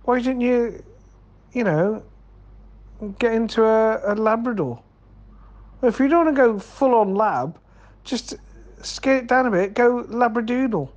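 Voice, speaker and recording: Slow, meandering co-host who swears casually and says mate a lot. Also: male voice, very high-pitched, highs cut off. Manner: rambling, swearing, calls people mate. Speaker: podcast co-host. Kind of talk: comedic banter.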